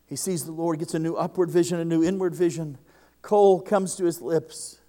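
High-voiced man preaching with fervor. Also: steady tone, normal speed, dark tone. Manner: impassioned, often doubles the first word of a sentence. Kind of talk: sermon. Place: church service before a congregation.

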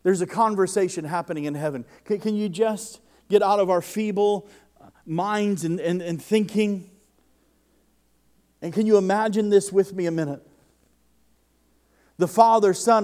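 Man, high voice, preacher, sermon, church congregation, impassioned, repeats opening words. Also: moderate pace, a little mellow, clear, resonant tone. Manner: impassioned, often doubles the first word of a sentence. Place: church service before a congregation.

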